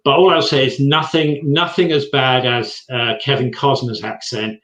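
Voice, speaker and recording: A man's voice: medium pitch, fairly even intonation, normal speed, a bit bright. A British man from England, co-hosting a casual TV chat and talking hesitantly with many restarts. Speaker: co-host. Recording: roomy, dull lo-fi sound.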